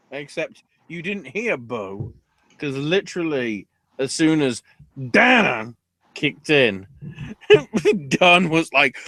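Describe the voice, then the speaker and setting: A man co-hosting a casual wrestling recap podcast, excitable and profane, often laughing. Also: a little high, no echo. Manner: excitable, profane, breaks into laughter and mock voices. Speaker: podcast co-host.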